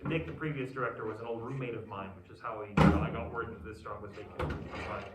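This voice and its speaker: A man's voice: medium pitch, fairly even intonation, fast talker, heavy background noise. A man conducting a community band rehearsal, explaining phrasing, singing lines and counting the players in. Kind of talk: rehearsal instruction. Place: large rehearsal room. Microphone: distant camera mic. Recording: roomy, distant, with band music. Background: band instruments.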